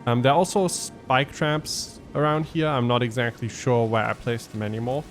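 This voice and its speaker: A man's voice: medium pitch, fairly even intonation, moderate pace, soft background music. A man giving casual gameplay commentary as a let's play host, thinking aloud and explaining his tactics with frequent ums.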